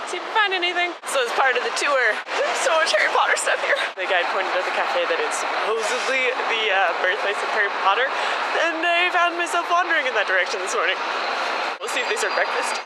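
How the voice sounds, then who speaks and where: A young woman vlogging casually as she travels, chatty and upbeat with self-deprecating asides. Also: on the high side. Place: city streets, outdoors. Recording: clear urban street noise with traffic.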